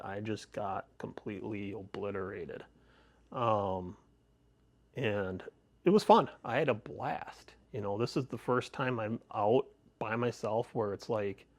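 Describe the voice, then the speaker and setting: A middle-aged man on a podcast, telling rambling personal stories with many restarts and laughs. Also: on the low side. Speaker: podcast host, guest. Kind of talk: casual interview storytelling.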